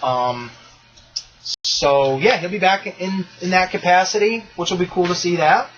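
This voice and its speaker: A man's voice: high voice, measured pace, lo-fi sound. A man hosting a podcast in casual chat, loose and profane, ranting with energy. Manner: loose, profane, animated rants. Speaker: podcast host.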